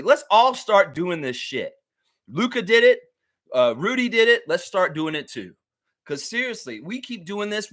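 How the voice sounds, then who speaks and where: A man's voice: high-pitched, pushed and bright. A man hosting a live-stream sports show, ranting heatedly and profanely and repeating lines for emphasis.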